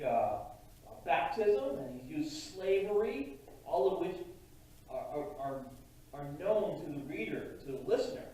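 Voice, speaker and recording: A man preaching a sermon as pastor, in a conversational, halting way with frequent restarts. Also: fairly high pitch, warm tone, slight background noise. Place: church sanctuary. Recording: distant mic in a very echoey church hall.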